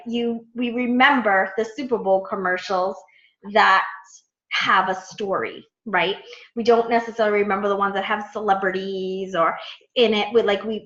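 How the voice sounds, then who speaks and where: A woman in her thirties telling a story to her coaching team in a chatty, animated way, full of quoted dialogue. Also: medium pitch. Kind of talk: casual storytelling talk to a team. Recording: echoey, dull lo-fi room sound.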